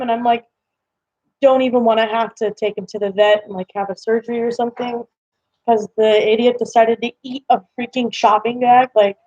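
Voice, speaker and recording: A woman's voice: on the high side, a little mellow, dry recording. A young woman chatting casually with her viewers on a live stream from home, rambling with lots of fillers. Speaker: livestream host. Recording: slightly dull lo-fi stream audio.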